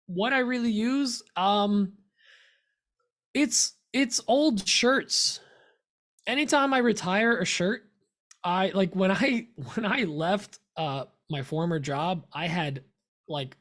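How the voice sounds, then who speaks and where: A man's voice: high-pitched, a bit bright. An American man co-hosting a woodworking podcast, chatting casually and rambling with fillers and laughs. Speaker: podcast co-host. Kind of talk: casual chat.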